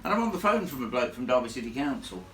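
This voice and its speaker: A man telling a ghost story live to an audience in a chatty, animated way, laughing along with the crowd. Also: medium pitch, fast talker. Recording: echoey room, from far off.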